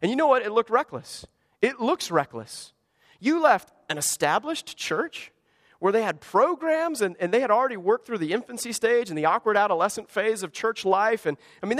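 A man's voice: sits high, a bit bright, long reverb tail. A man preaching a sermon to his congregation, earnest and conversational, full of rhetorical questions. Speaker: pastor. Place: church service in a school gymnasium.

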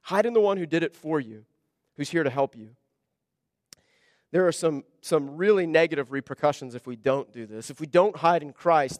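A man preaching a sermon as pastor, earnest, with hushed asides and pressing emphasis. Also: on the high side, no echo, studio quality.

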